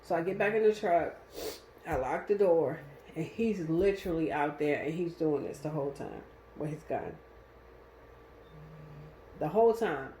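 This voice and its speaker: A woman's voice: deep voice, animated, moderate pace, pauses often, mellow, a little hiss or hum. Emotional woman recounting a story, echoey. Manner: vivid, emotional retelling with acted-out quotes. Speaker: guest telling her story. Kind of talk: casual storytelling. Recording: roomy echo.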